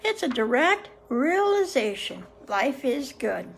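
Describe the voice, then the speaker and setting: Woman, host reading a book aloud, gentle musing asides, slow pace, high voice. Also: big pitch swings, creaky, a little hiss or hum. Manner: gentle, unhurried, pauses to muse on passages. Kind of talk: reading aloud with casual reflections.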